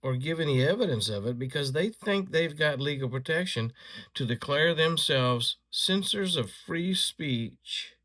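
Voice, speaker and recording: A man's voice: a little high, animated, a bit bright. A man ranting angrily to camera, indignant and insulting, often stumbling over restarts as he works himself up. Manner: halting restarts when agitated. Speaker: video creator. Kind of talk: angry ranting commentary.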